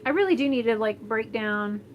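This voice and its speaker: A woman's voice: on the high side, animated, brisk, slight background noise, poor audio. Blunt, rambling woman chatting on camera. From Florida, US. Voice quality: blunt, rambling, many fillers and restarts. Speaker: vlogger. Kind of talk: casual chat while doing hair, reading live chat. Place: home, indoors.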